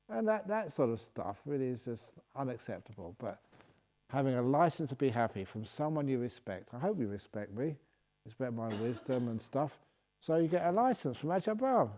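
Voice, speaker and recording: A man's voice: mid-range voice, big pitch swings, moderate pace, a little mellow. A man who is a Buddhist monk answers retreat questions in a humorous, playful way. He reads each question aloud, then jokes his way into the answer. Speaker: Buddhist monk and meditation teacher.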